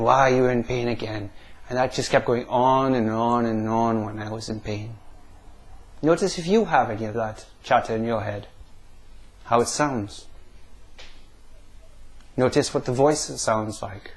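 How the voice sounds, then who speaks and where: An NLP practitioner guides listeners through a pain-visualization exercise, asking calm, slow questions with pauses. He has a mid-range voice.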